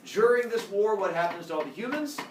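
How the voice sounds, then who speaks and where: A man's voice: high voice, animated, fairly quick, background noise. A male teacher in a classroom, playfully quizzing students and retelling a story. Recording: roomy echo, mic far off.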